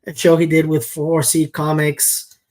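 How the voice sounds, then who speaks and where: A man from Spain, a guest on a casual show, talking in a relaxed way in long, flowing sentences. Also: on the high side, measured pace. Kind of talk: casual conversation.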